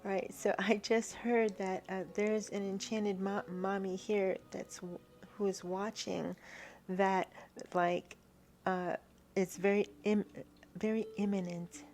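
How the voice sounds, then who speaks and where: A woman tarot reader speaks slowly to her viewers, her voice full of gravelly fry. She stops and restarts often and keeps asking "right?". Soft music plays faintly under her reading. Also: medium pitch, little pitch movement. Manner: halting, repeats herself, frequent "right?". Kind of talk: spiritual card reading to viewers.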